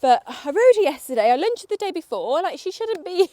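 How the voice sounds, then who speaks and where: A woman's voice: very high-pitched, big pitch swings, a little fast, warm tone, no room sound, studio quality. A young woman vlogging while riding her horse, chatty and nervous, talking to the horse and her viewers. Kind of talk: casual chat while riding. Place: outdoor riding arena.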